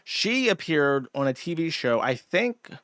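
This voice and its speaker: A man's voice: on the high side, sing-song, unhurried, a bit bright, no room sound. A man hosting a livestream, rambling through crude, sardonic commentary with lots of fillers, close to a desk mic. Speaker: streamer and host.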